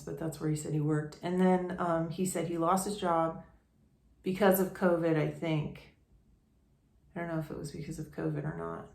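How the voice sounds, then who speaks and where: A woman's voice: low-pitched, gravelly, darkish tone. A young adult woman vlogger telling a personal story in a casual, rambling way, with many restarts and fillers. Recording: echoey room.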